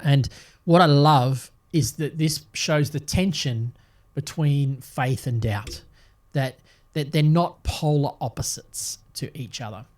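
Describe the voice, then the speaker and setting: An older man hosting a devotional podcast, talking in an earnest, reflective way with gentle restarts. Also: a little high, slow pace. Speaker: podcast host and Bible teacher.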